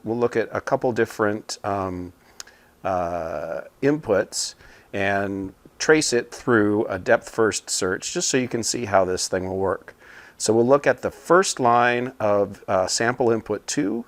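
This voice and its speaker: A man teaching computing, talking a class through a problem at a whiteboard in a relaxed, explanatory way with frequent fillers. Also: on the low side, no room sound. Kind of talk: casual whiteboard lesson explanation. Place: small room at a whiteboard.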